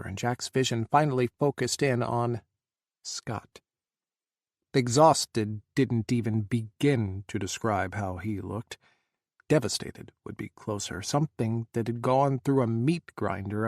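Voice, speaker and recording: A man narrating an audiobook, with slow, dramatic emphasis on emotional passages. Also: medium pitch, darkish tone, no room sound, clean studio sound.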